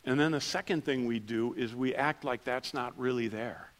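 A middle-aged man preaching a sermon in church, telling personal stories with self-deprecating humor and dropping soft and low for quiet moments. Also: normal speed. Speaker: pastor.

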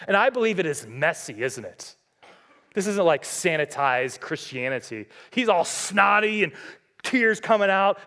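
A middle-aged pastor preaches an earnest, impassioned sermon. He swings between loud, emphatic lines and low, quiet ones.

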